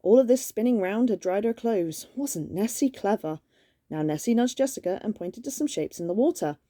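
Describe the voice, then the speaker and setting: A woman's voice: medium pitch, lively intonation, moderate pace, warm tone, no room sound, studio quality. A woman reading a children's gift book aloud at home in a playful, chatty way, stopping now and then to banter. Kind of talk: casual read-aloud storytime with banter.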